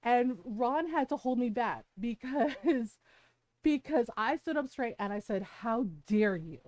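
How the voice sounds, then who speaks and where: A woman's voice: on the high side, measured pace, darkish tone, no echo, rough recording. A middle-aged woman game streamer telling a story on a live stream, heated and emphatic, swearing often.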